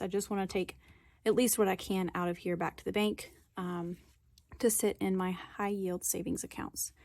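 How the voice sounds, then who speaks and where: A woman's voice: mid-range voice, creaky, darkish tone, no echo. A young woman chatting casually on her budgeting vlog while sitting on the floor at home, self-deprecating and counting bills aloud. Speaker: budgeting vlogger.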